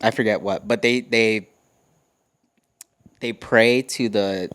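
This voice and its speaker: A young man co-hosting a podcast, telling a story in relaxed casual chat with loose hesitations. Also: on the low side, takes it slowly, slight background noise. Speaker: podcast co-host.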